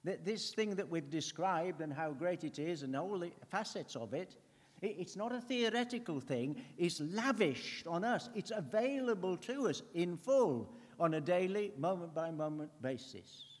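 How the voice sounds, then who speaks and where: A man preaching in an earnest, conversational way, his voice sitting a little higher than most men's. He leans hard on some words and drops to near a hush on others. A long reverb trails behind him, as in a church hall. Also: animated, normal speed. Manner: earnest, swings between emphatic and hushed. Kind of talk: conversational sermon.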